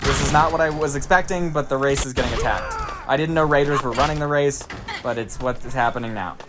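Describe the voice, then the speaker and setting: A man streaming a video game, chatting casually and thinking aloud as he plays, excitable and quick to swear. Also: mid-range voice, very noisy. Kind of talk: casual let's-play commentary.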